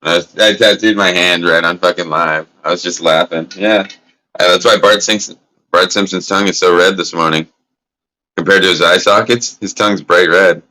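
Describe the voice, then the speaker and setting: Casting: low-voiced man hosting a stream, loose and profane, coughs from smoking, sharp bright tone. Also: fairly even intonation, moderate pace, low-quality recording. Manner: loose, profane, laid-back rambling. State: coughing now and then from smoking. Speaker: livestream host. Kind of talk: casual livestream chat. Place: indoors at a grow setup.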